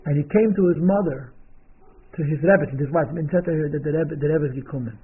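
A man's voice: fairly high pitch, fairly quick, breathy edge. A man telling a story to a listener in an informal, emphatic way, repeating words for stress and slipping in Yiddish terms. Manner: animated, emphatic, acts out quotes. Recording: tinny phone-like lo-fi sound.

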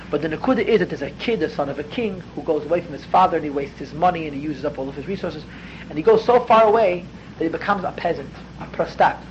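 A man teaching a Hasidic text class, explaining earnestly and growing more intense as he goes. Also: on the high side. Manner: earnest, explanatory, dense with Hebrew and Yiddish terms; grows intense and raised toward the end. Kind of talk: spoken study lecture. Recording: dull lo-fi with faint background noise.

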